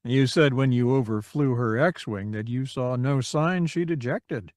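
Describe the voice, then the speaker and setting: A man's voice: medium pitch, a little slow, darkish tone, no room sound, studio quality, close to an everyday voice. A man doing a curt, suspicious veteran general. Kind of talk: audiobook character reading.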